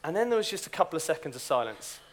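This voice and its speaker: A man's voice: on the high side, big pitch swings, very fast. A young man giving a chatty, self-deprecating youth talk with a story. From Britain. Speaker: youth speaker.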